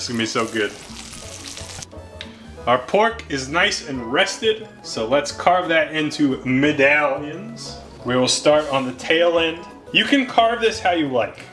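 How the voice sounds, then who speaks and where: A man hosting a home cooking show, casually walking viewers through the steps and cracking jokes. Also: a little high. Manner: joking, relaxed, talks to viewers.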